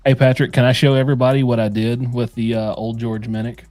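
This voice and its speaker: A man's voice: medium pitch, level tone, fast talker, darkish tone, no room sound, soft background music. A man co-hosting a casual live bourbon stream, loose and jokey with a lot of swearing. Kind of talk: casual livestream chat.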